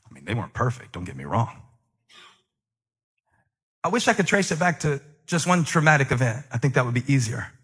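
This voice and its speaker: Bright, husky-voiced preacher man. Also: medium pitch, sing-song, fairly quick, pauses often. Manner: conversational, with sudden emphatic surges; jokes with the congregation. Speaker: pastor. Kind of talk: sermon.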